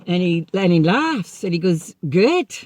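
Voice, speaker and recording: A woman's voice: on the low side, moderate pace. Candid woman telling her recovery story. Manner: animated, acts out remembered dialogue. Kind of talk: personal storytelling.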